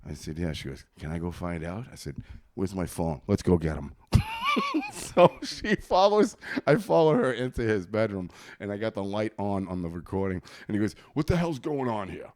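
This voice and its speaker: A man's voice: low voice, very animated, normal speed, a little mellow. A man telling a long profane story in casual podcast chat, laughing often. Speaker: comedian guest.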